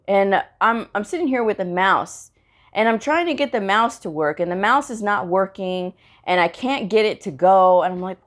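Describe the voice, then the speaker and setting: A woman's voice: mid-range voice, lively intonation, normal speed. A woman who teaches medical coding, chatting casually in a vlog and telling a story about her workday, laughing often and acting out the dialogue. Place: at home after work.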